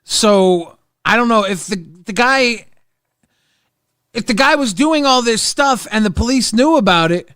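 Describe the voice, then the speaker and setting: A man's voice: very high-pitched, animated, unhurried, fairly bright tone, smooth, no echo, clean studio sound. A man on a call, hesitantly reasoning through what happened. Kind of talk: casual chat.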